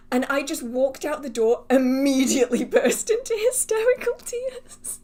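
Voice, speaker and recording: A woman's voice: high-pitched, lively intonation, normal speed, hardly any pauses, darkish tone. A woman hosting a livestream Q&A, chatting casually with viewers, laughing often and restarting her sentences as she rambles in a self-deprecating way. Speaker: livestream host answering viewer questions.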